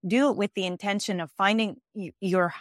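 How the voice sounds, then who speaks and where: A woman's voice: medium pitch, fairly even intonation, fairly quick, no room sound. Brief: woman coach guest, insistent and repetitive, close dry voice. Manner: emphatic, repeats key phrases, restarts often. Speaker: executive life coach and author. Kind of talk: interview guest explaining ideas.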